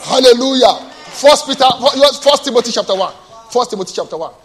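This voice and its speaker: A male pastor preaching a sermon, asking the congregation to answer and moving between quiet storytelling and loud bursts. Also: animated, fast talker. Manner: call-and-response preaching, asks the congregation to answer; drops to a low soft storytelling voice, then bursts out loud.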